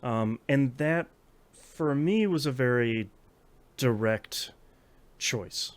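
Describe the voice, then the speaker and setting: A man's voice: mid-range voice, extremely slow, dry recording. A man in his thirties hosting a podcast, chatting casually with many fillers and restarts. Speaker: podcast host. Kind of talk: casual chat.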